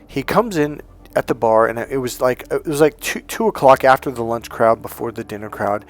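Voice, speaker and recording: Man, dating coach, animated, profane, casual storytelling. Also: moderate pace. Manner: animated, profane, acts out voices with big pitch jumps.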